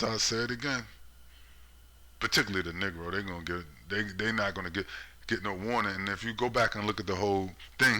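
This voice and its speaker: Sharp-voiced man ranting sarcastically. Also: on the low side, rough recording. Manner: profane, sarcastic, full of rhetorical questions. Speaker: political commentator. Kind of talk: ranting vlog commentary.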